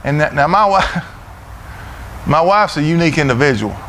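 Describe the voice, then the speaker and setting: A middle-aged Southern preacher man with a notably high voice, delivering a folksy sermon in a church. He talks loud and blustery, stumbling over and repeating words. A faint hiss of noise sits behind him. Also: animated, moderate pace. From Florida, USA. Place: church sanctuary.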